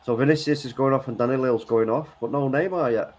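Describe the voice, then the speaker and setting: A man chatting casually through a live football match, relaxed and a bit hesitant. His speech is loose and full of fillers, and he now and then calls his friend "bro". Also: medium pitch, quick pace. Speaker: co-host of football watchalong.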